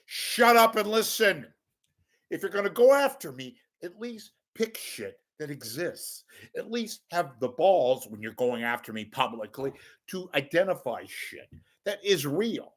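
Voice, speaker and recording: A man's voice: a little high, big pitch swings, a little slow. A man delivering an angry, profane ranting monologue as a local media commentator.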